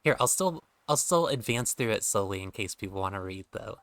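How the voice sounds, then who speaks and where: A man's voice: on the low side, lively intonation, a little fast, a bit bright, no room sound. A man streaming a game, chatting casually, rambling and joking with offhand swearing. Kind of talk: casual gameplay commentary.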